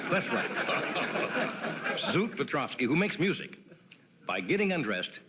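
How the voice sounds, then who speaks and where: A man's voice: fairly high pitch, big pitch swings, slow pace, noisy background. A man hosting a late-night talk show, delivering a comedy monologue with wry jokes and chatty asides to his sidekick in a TV studio. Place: TV studio with live audience.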